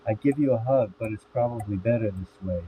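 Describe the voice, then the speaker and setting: A man reading the lines of a gruff, sarcastic middle-aged father in a blunt, curt way. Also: fairly low pitch, a little fast, lightly acted. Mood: grim. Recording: tinny phone-like audio with faint hiss.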